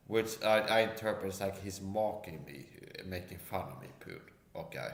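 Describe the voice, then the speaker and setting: A man's voice: low-pitched, moderate pace, hardly any pauses. A man ranting casually as a livestream guest, tagging his lines with "okay?" and "see?", recorded with a roomy echo. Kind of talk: casual rant.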